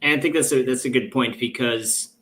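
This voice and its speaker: A man hosting a political podcast, reading out a viewer comment and reasoning through it with many pauses and fillers. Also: mid-range voice, a bit bright. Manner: hesitant, filler-heavy reasoning.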